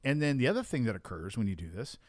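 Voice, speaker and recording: A man's voice: medium pitch, big pitch swings, fast talker, dry recording. A man co-hosting a sales podcast, chatting casually and telling stories with emphatic repeated phrases. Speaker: podcast co-host.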